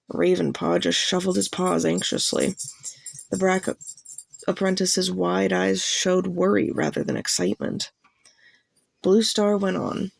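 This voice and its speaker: Give me a woman narrating a novel aloud, plain and even, with a strong gravelly texture. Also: lowish voice, dry recording. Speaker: fan audiobook reader.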